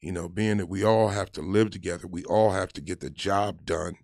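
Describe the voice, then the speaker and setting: A man in casual conversation, an army veteran telling his stories in an animated way and acting out the shouted lines of the people in them. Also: low voice, fairly quick, creaky, no room sound, studio quality. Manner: animated storyteller, acts out quoted shouts. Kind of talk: casual storytelling chat.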